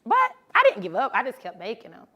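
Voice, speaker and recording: A woman who drives trucks, telling her story in a bubbly, animated motivational speech to a live audience and talking casually to the crowd. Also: a little high, fairly quick, lo-fi sound. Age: adult, mother of sons. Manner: casual, chatty, addresses crowd as honey and y'all. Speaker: truck driver and social media creator. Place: live event before an audience.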